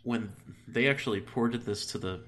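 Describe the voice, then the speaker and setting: A man's voice: mid-range voice, normal speed, fairly bright tone. A man co-hosting a casual gaming podcast, teasing and sarcastic. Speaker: podcast co-host. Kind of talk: casual chat.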